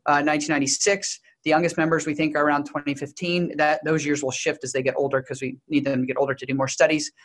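A young adult man from Texas, a guest researcher explaining generations in an interview and telling a personal story in a brisk, lecturing way. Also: a little high, fairly bright tone. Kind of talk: interview answer.

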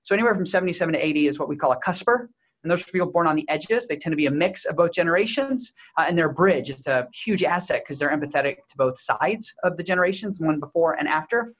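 A young adult man from Texas, a guest researcher explaining generations in an interview and telling a personal story in a brisk, lecturing way. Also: on the high side, expressive, fairly bright tone. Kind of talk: interview answer.

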